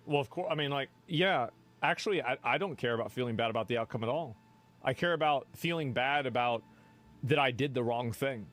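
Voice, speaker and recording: A man's voice: medium pitch, fairly quick, fairly bright tone. A man in a played clip arguing his point in a dismissive tone. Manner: dismissive, argumentative. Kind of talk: argumentative talk.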